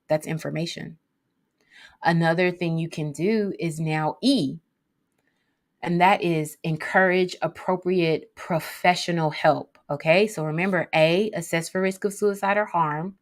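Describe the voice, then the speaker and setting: A woman giving an instructional talk on mental health support, often pausing to check in with listeners. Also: deep voice. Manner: checks in often with "okay?", acts out example phrases.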